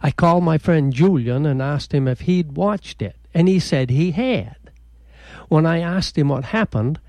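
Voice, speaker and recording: A man telling a short humorous radio commentary in a dry, deadpan way. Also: on the high side, dry recording.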